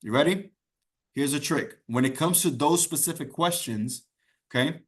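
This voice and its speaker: A man whose voice sits on the high side runs an exam prep class online, speaking at normal speed. He chats in an encouraging way, goes over key ideas repeatedly and checks in with "okay?" often.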